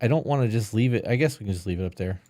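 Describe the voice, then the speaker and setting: A man's voice: on the low side, expressive, rapid-fire, mellow, no room sound. A man co-hosting a podcast live stream, giving blunt, profane relationship and parenting advice in casual chat. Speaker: podcast co-host.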